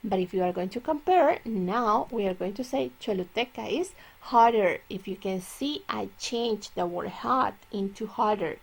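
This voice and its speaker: A woman teaches an English grammar lesson. Her voice sits at a middle pitch with a gravelly edge. She explains patiently and stretches out each example word. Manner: explains slowly, drawing out example words, switching into Spanish.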